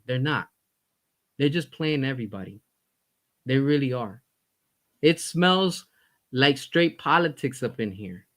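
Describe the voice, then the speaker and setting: With a fairly high-pitched, somewhat bright voice, a man hosting his own commentary stream goes on a blunt, heated rant about his views. Sounding fed up, he swears and hammers points by repeating them.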